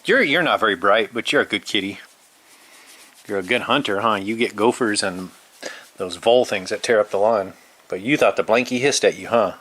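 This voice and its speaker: Man softly sweet-talking his cats. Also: lowish voice, moderate pace. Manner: affectionate pet talk, teasing and coaxing; soft, murmured, sometimes whispered. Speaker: cat owner filming his pets. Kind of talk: casual talk to pets. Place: indoors at home.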